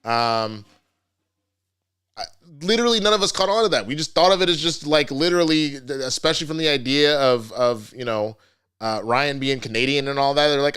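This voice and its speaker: Guy ranting on his vlog, curses a lot, rambly slangy talk, smooth voice. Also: medium pitch, moderate pace, a bit bright. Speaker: host. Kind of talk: casual ranting vlog commentary.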